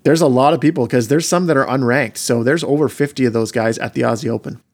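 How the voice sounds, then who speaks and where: A man's voice: mid-range voice, fast talker. Friendly male podcast host. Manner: friendly, restarts often. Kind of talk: casual podcast chat.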